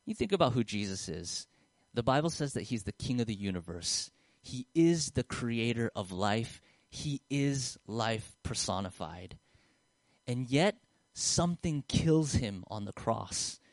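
Earnest preacher, dry close sound. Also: male voice, mid-range voice, big pitch swings, measured pace, dry recording. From Australia. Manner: conversational, acts out dialogue in a raised voice, turns quiet and earnest. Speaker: pastor. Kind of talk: storytelling sermon.

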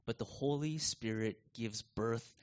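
A man's voice: mid-range voice, a little slow, a little mellow. A middle-aged man with a North American accent, preaching a conversational sermon and telling stories with animation. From United States. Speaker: pastor. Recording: dull lo-fi sound.

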